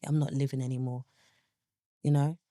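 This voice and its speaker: A woman's voice: rumbling low, level tone, normal speed, warm tone, dry recording, studio quality. A young woman, telling her own story as a podcast guest and acting out her past thoughts in quoted asides. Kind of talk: candid personal storytelling.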